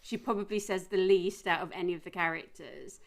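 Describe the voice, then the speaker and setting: Chatty woman, slightly low voice. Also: brisk, vocal fry. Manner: chatty, giggly. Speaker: podcast guest. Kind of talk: casual film chat.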